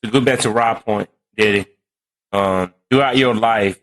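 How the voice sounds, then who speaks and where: A man hosts a podcast where his guest is his father, and he asks him questions in a loose, rambling, conversational way. His voice sits on the low side and moves a little slowly. The recording quality is low.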